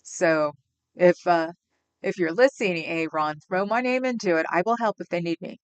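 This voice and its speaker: A woman's voice: lowish voice, normal speed, clear, resonant tone, lo-fi sound. A woman in her fifties hosting a livestream at home, chatting in a rambling, casual way and laughing often. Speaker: livestream host.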